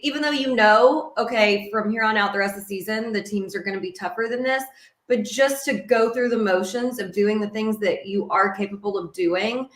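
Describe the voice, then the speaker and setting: A woman's voice: fairly high pitch, fairly bright tone, reverberant. A young woman co-hosting a podcast who played the game herself, telling stories and explaining earnestly in casual chat. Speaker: podcast co-host, former player.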